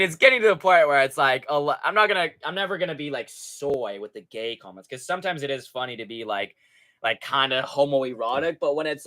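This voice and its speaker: A man's voice: mid-range voice, pushed and bright. A man hosting a live stream in casual, profane, rambling chat, reading out viewer comments. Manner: rambling, profane, chatty with frequent restarts.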